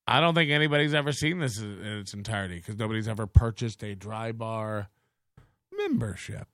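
A man's voice: fairly low pitch, fairly bright tone, dry recording, clean studio sound. A man hosting a podcast, talking casually and self-deprecatingly over clips he plays. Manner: rambling, self-deprecating, unhurried. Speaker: podcast host.

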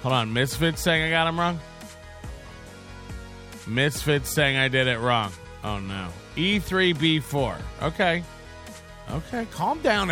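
A man's voice: a little high, sharp tone. A man hosting a casual livestream, rambling and self-mocking, with frequent swearing. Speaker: livestream show host.

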